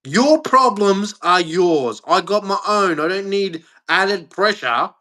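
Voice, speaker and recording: A man's voice: high-pitched, lively intonation, slow, pushed and bright. Blunt, profane Australian man ranting. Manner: blunt, angry and profane, with heavy emphasis. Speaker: vlogger. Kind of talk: ranting monologue to camera.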